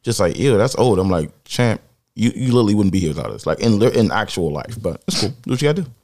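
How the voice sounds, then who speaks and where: A man co-hosting a podcast, blunt and animated, swearing freely as he talks. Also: on the low side, fast talker. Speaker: podcast co-host. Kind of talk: casual podcast chat.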